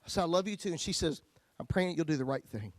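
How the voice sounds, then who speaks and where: Telling a personal story from the pulpit, this male pastor has a folksy, animated delivery that jumps from loud outbursts to quiet passages. He speaks fast in a fairly high voice, captured in a dry recording.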